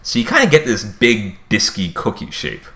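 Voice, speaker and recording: A man's voice: fairly low pitch, very animated, normal speed, sharp tone. A young man chatting casually as a podcast host, telling rambling, playful stories. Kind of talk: casual chat.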